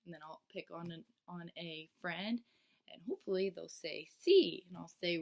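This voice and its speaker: A woman who teaches young children explains a lesson plan to camera step by step, in a steady manner with frequent ums and restarts. Her voice is on the low side with vocal fry, at a normal speed. When quoting what she says to the children, she switches into a bright, singsong teacher voice.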